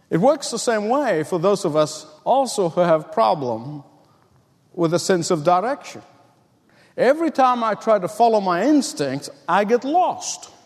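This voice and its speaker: A middle-aged male pastor with a high voice preaches a sermon in a big-room acoustic. He tells stories and builds up emphatic, repeated lines.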